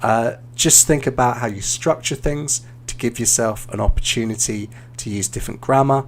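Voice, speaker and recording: Upbeat British English tutor. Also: male voice, mid-range voice, moderate pace, slight background noise. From Britain. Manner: encouraging, relaxed, many "um" fillers. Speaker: English teacher and live-stream host. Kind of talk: live-stream speaking feedback.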